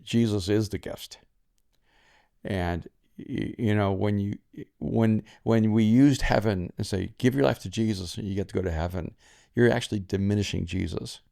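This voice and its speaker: A man hosting a faith podcast, speaking in a measured, reflective way with a preacher's emphasis. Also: fairly low pitch, gravelly, dark tone. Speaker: podcast host.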